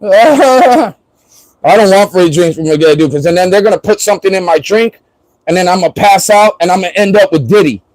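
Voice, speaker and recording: A man's voice: high voice, a little fast, darkish tone, no room sound, low-quality recording. A man from Florida chatting casually on a livestream, joking and rambling and laughing often.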